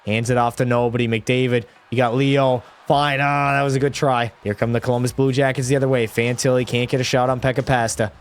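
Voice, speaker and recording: Guy doing play-by-play over a hockey game, average pitch, gets worked up and yells at the players. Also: a little fast, few pauses, clean tone. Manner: excitable play-by-play, frustrated outbursts. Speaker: gaming creator. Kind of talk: live gameplay commentary. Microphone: desk microphone.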